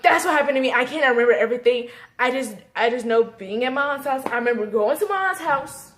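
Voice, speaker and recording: A young woman vlogging a personal story, emotional and halting, tearful and repeating herself. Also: sits high, lively intonation. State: tearful, crying at times.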